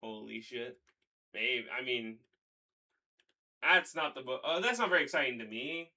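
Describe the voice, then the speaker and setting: A man's voice: mid-range voice, lively intonation, normal speed, far from the mic. A man chatting casually with his viewers on a live stream, hesitant and restarting his sentences. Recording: loud game music behind. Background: game music.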